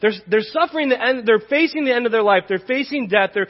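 Impassioned pastor preaching in a reverberant hall. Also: male voice, very high voice, lively intonation, fast. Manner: impassioned, rising to emphatic peaks, conversational asides. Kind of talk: sermon. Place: church sanctuary. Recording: dull reverberant church hall.

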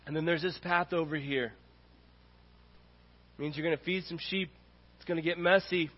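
A man's voice: a little high, steady tone, moderate pace. A man preaching a sermon as pastor, earnest and repetitive in his cadence. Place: church sanctuary. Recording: dull audio in a reverberant hall.

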